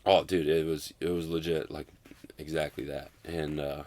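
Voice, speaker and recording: Very low-voiced man telling a rambling story. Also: flat delivery, normal speed, a little mellow. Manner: rambling, fills with "like", profane. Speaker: guest. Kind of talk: casual storytelling.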